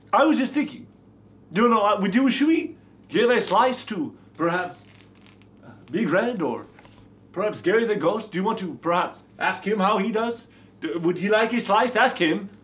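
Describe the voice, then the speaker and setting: A man's voice: high voice, a little hiss or hum. A man voicing a campy male vampire who calls himself a reformed beach boy, speaking in a hammy, theatrical manner. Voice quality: theatrical, sudden shouts. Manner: hammy, boastful. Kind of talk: comedy sketch.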